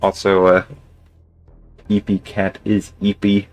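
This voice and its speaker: A man's voice: low-pitched, completely flat delivery, slow, faint music behind, rough recording. A male streamer casually retelling a story in a rambling way, full of restarts and filler words. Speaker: game streamer.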